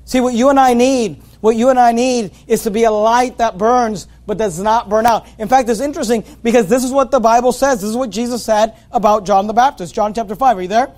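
A male preacher with a strikingly high voice delivers a sermon. He talks emphatically, repeats key phrases and reads scripture aloud in old-style wording. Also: a little fast, few pauses, darkish tone. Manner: emphatic, repetitive, quotes scripture in King James wording.

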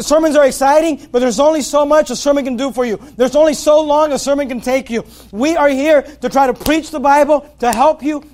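A man's voice: very high-pitched, darkish tone. A man preaching a sermon, emphatic and repetitive, quoting scripture in old-style wording and urging listeners to read the Bible.

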